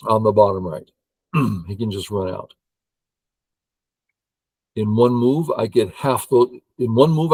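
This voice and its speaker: An older man who teaches Go, playing a game and thinking aloud in an excitable way while humming and counting under his breath. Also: medium pitch, creaky, husky, dry recording, low-quality recording.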